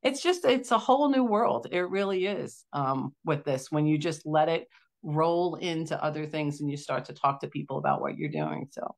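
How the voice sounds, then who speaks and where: A middle-aged woman with a low, grounded voice shares her own story as a client guest in a candid testimonial chat. She's animated and genuinely enthusiastic at a normal speed, often mimicking what others told her in little put-on voices.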